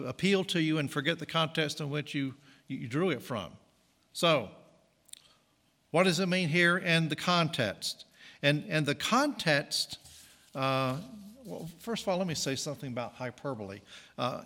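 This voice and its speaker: A man's voice: fairly high pitch, pushed and bright, long reverb tail. A man preaching a conversational sermon, correcting himself and adding jokey asides. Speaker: pastor.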